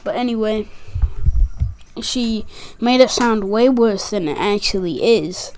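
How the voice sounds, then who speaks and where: A woman's voice: mid-range voice, slow, a little mellow, a little hiss or hum. A young girl telling a school story to camera, rambling and acting out what others said, with many "like"s. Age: child. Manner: rambling, fills with "like", acts out quotes. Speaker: gaming channel creator.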